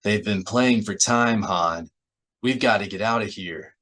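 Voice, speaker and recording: A male reader lends a calm Jedi master a low, earnest, measured voice. It stays close to his own natural reading voice for an audiobook. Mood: urgent.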